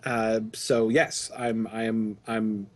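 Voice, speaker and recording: A man's voice: on the low side, flat delivery, takes it slowly. A man co-hosting a casual gaming podcast, rambling with lots of restarts and fillers. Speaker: podcast co-host.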